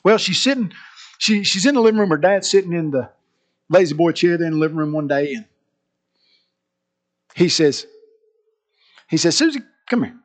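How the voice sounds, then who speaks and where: A man preaching a sermon, telling an illustrative story and reading scripture, animated and dropping to hushed tones. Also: a little high, normal speed, pauses often.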